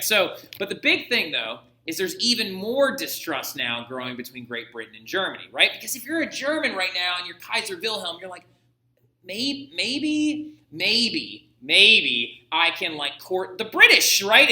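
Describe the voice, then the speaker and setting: A male history teacher giving a lecture in an animated, jokey and digressive way. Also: high-pitched, roomy sound, low-quality recording. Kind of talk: recorded classroom lecture.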